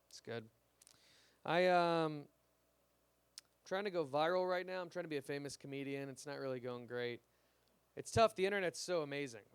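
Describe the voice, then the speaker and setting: A man's voice: mid-range voice, smooth, no echo. A young man doing a rambling, self-deprecating stand-up comedy set in a small club. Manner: self-deprecating, rambling, acts out little quoted voices. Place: small live music club with audience.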